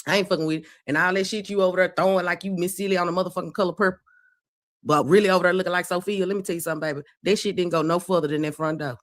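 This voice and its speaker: A woman's voice: on the low side, steady tone, rapid-fire, no echo. Middle-aged Southern woman, livestream host, brash and profane, dry close sound, greets viewers one by one. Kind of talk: casual livestream chat. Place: porch.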